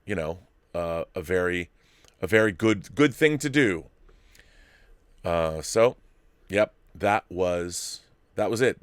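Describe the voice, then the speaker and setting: A man's voice: low-pitched, a bit bright, clear, resonant tone, no echo. A man in his fifties hosting a live-stream show, chatting in a rambling way with many restarts. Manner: baby-talk voice to dogs. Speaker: host.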